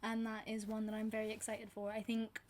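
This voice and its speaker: A woman's voice: fairly high pitch, monotone, a little fast, a little mellow, a little hiss or hum. A British woman vlogging about books in a chatty, rambling, self-deprecating way. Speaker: book vlogger. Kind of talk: casual chat to camera.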